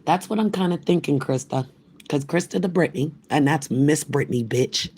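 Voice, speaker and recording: Older lady ranting on her stream, husky gravelly voice, cussing and rambling. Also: deep voice, normal speed, a little mellow. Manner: profane, trash-talking, loose and rambling. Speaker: livestream host. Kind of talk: ranting live stream chat.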